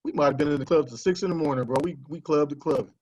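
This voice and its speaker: Fast-talking man backing up a story. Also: a little high, a little mellow, no echo. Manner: eager, affirming, adds to the story. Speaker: co-guest in conversation. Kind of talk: casual chat.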